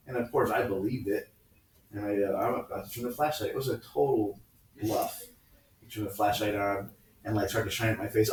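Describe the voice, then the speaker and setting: A lower-voiced male teacher in his fifties spins animated stories for his class, jumping into squeaky voices for the people in them. He sounds far from the mic in an echoey classroom, with a faint hiss underneath. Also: quick pace. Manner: animated, acts out family voices with high-pitched quotes. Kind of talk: casual classroom storytelling.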